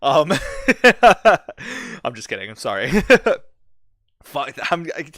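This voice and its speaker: Male livestream host, swears freely and spins hushed dramatic tales, dry close mic. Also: mid-range voice, takes it slowly, no echo. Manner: profane, animated, storytelling with dramatic hushed build-ups. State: bit his cheek, sore mouth. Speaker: livestream host reading chat. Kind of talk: casual livestream chat.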